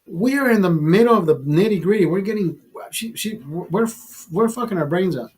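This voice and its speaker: A man's voice: high-pitched, expressive, normal speed, darkish tone, slight background noise. A man telling a raunchy story in a casual monologue, profane and rambling, often restarting his sentences and amused by himself. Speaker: vlogger.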